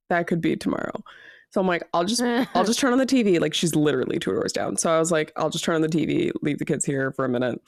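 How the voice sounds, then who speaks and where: Brief: woman in her thirties, podcast co-host, lively storyteller, slightly low voice, dry close mic. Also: dry recording. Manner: animated storyteller acting out quotes. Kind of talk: casual chat.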